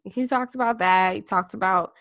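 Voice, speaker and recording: A woman's voice: medium pitch, moderate pace, fairly bright tone, no echo, clean studio sound. A woman co-hosting a podcast in casual chat, with a blunt, profane style and frequent laughter. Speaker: podcast co-host.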